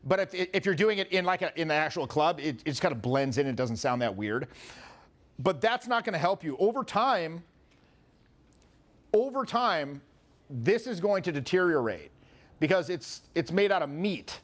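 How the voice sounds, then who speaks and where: A man's voice: on the high side, animated, normal speed. A man coaching a live seminar audience, talking casually and animatedly and swearing often. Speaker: social skills coach.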